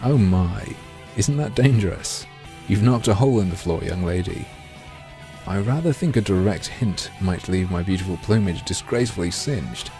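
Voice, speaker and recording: A man voicing a flamboyant, creepy male pheasant artist, speaking slowly and hushed with theatrical politeness. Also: low-pitched, animated, faint music behind. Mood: amused. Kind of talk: game dialogue read-aloud.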